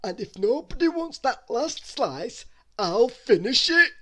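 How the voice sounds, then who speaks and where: A man voicing a greedy, gleeful round storybook character who drags out his words slowly. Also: very high-pitched, very animated, pushed and bright, pitched above the performer's own voice, full character voice. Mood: smug, greedy. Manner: slow, drawn-out, savouring words.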